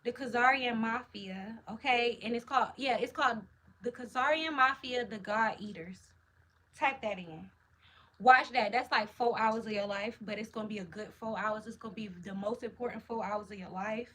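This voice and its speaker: A woman's voice: a little high, moderate pace, bright, forceful tone. A woman hosting a livestream, chatting in a hyped, slangy, casual way while answering comments. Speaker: livestream host.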